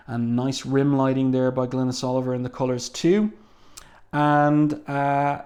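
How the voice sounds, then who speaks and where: A man's voice: medium pitch, a little mellow. A man reviewing a comic book, walking through the panels in casual narration with frequent ums. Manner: walks through panels, reads dialogue aloud, frequent ums.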